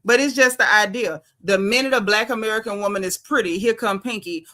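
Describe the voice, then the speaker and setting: A woman's voice: medium pitch, fast talker, few pauses, fairly bright tone. A woman doing casual reality TV commentary for her viewers, sassy and emphatic, repeating her punchlines for effect. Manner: talks straight to viewers as y'all.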